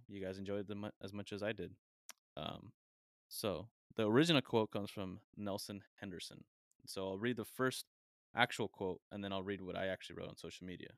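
A man hosting a casual podcast in a fairly low voice. He rambles through stories with lots of fillers, and the sound is dry and close. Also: fairly bright tone, clean tone, no room sound. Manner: rambling, with many fillers and laughs. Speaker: podcast host.

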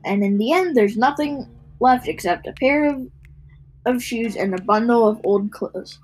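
A spiteful old man taunts his frightened wife with loud, gloating glee, as a woman reading a storybook puts him on. His voice stays fairly high for a man and swings up when he jeers. Faint music plays underneath. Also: lively intonation, unhurried, breathy edge, low-quality recording. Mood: sly.

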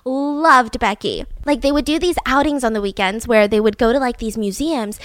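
Woman, podcast host, casual true-crime storytelling, higher voice, dry sound. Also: moderate pace, fairly bright tone, no room sound. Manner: chatty, acts out quotes, lots of "like".

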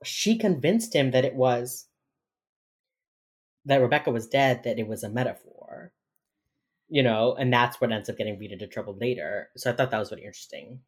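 A woman with an unusually low-pitched voice chats casually as a podcast co-host. She rambles with lots of fillers, swears freely and slips into acted-out quotes. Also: animated, moderate pace. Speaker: podcast co-host recapping a TV episode. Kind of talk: casual chat.

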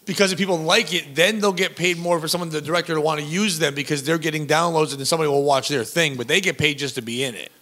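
Guy comedian rambling a dirty story on a podcast, kinda high bright voice. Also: quick pace, few pauses. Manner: rambling, animated storytelling with crude humor. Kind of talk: casual chat.

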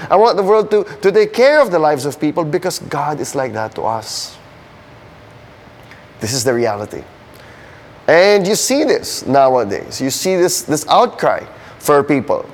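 A male pastor preaching a sermon, earnest and building to emphatic questions. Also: a little high. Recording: long hall reverb.

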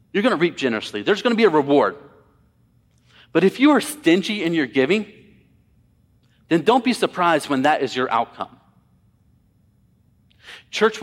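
Slightly high-voiced male pastor preaching. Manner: conversational, emphatic preaching that addresses the congregation directly. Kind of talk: sermon. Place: church sanctuary. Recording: long hall reverb.

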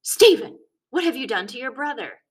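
A woman's voice: mid-range voice, normal speed, fairly bright tone, natural voice. A woman voicing a frantic, overprotective mother questioning her sons in a dramatic way. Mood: interrogating. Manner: dramatic, interrogating.

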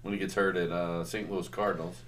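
A man's voice: low-pitched, flat delivery, brisk, slight background noise. A man hosting a casual chat, reacting briefly and asking for the next story. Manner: brief reactions and prompting questions.

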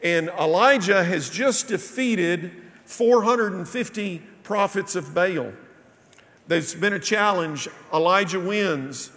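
A man with a fairly high voice preaches, weaving scripture into a personal story. He drops his voice low and quiet when he quotes others. The sound rings with the long reverb of a big hall. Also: slow pace.

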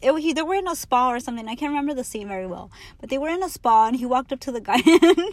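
A young woman hosts her own podcast, telling stories straight into the mic in a loose, candid way. She swears freely and laughs a lot as she talks. Her voice sits a little high and sounds dry and close. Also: lively intonation, very fast, no echo. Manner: candid, profane, laughs often. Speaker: podcast host. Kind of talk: casual storytelling monologue.

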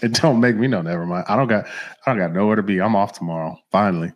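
A man in his thirties hosting a podcast in casual chat, telling lively stories about his children and acting out their voices. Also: lowish voice, fast talker. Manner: animated storyteller, acts out his kids' voices. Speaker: podcast host.

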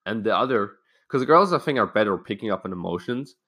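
A man's voice: on the low side, animated, fast talker, bright, forceful tone, husky. A young man hosting a casual self-help podcast, telling a personal story candidly and loosely, with some swearing. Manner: loose, rambling phrasing with restarts. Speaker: podcast host.

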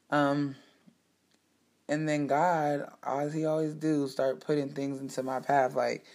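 A woman's voice: sits low, flat delivery, slow pace, darkish tone. Candid woman sharing a personal story. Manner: heartfelt, emphatic storytelling with frank swearing. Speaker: host speaking to her audience.

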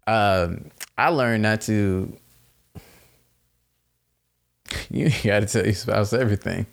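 A man's voice: fairly low pitch, gravelly. A man talking casually and reflectively, laughing at himself and acting out little quoted exchanges. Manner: laid-back, laughs at himself, acts out quotes.

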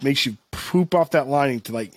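A man's voice: mid-range voice, moderate pace, no room sound. A man co-hosting a podcast in casual chat, rambling and swearing, full of "like" fillers, sarcastic and self-deprecating. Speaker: podcast co-host.

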